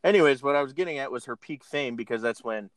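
A man recaps a film scene by scene, giggling as he goes. His voice sits at an ordinary middle pitch. The sound is close and dry. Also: fast, no room sound. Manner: laughs often while retelling scenes. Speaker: podcast host. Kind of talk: casual chat, recapping a film.

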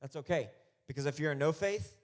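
A male pastor preaching a conversational sermon that builds into loud, fervent passages. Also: fairly high pitch, a little fast.

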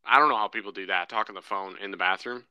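A young man co-hosting a podcast, telling a story in a lively, casual way and laughing often. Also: lowish voice, quick pace, clear, resonant tone, no echo, highs cut off. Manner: animated storyteller, laughs often, says bro. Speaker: podcast co-host. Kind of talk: casual chat.

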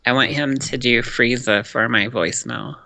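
A man's voice: medium pitch, moderate pace, bright, forceful tone, no room sound, rough recording. A man co-hosting a casual chat, blunt and heavy on profanity.

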